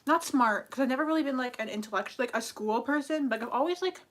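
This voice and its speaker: A young woman with a high, slightly bright voice chats fast and casually on a livestream. She rambles with lots of fillers and keeps apologizing for herself, sounding self-critical.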